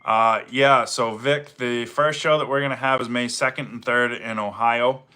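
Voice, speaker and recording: A middle-aged man with a Maine accent, hosting a relaxed livestream, greeting viewers by name and chatting with plenty of fillers. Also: mid-range voice, moderate pace, smooth. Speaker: livestream host, firewood seller. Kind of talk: casual livestream chat reading viewer comments.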